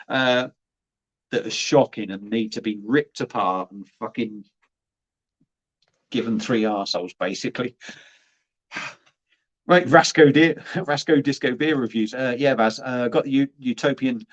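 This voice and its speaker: A man chatting blunt and casual on a livestream, swearing freely as he reads out viewer comments. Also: mid-range voice. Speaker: beer reviewer and livestream host. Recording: dull lo-fi livestream audio.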